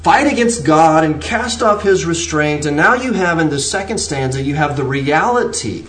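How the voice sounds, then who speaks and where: A man's voice: on the high side, lively intonation, moderate pace, fairly bright tone, slight background noise. A man preaching an earnest sermon, pressing his points with shifting emphasis and frequent restarts. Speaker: pastor. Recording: roomy, distant from the mic.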